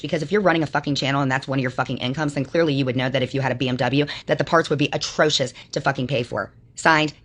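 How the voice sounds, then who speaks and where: Low-voiced woman ranting with profanity. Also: a bit bright. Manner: profane, combative, mocking. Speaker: livestreamer. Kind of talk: livestream rant to chat.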